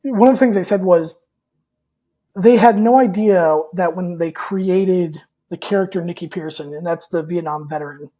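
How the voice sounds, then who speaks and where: Mellow-voiced man telling a rambling story. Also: high voice, normal speed. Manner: rambling, with many fillers and repeated words; candid and personal. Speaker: podcast guest. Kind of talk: casual storytelling in an interview.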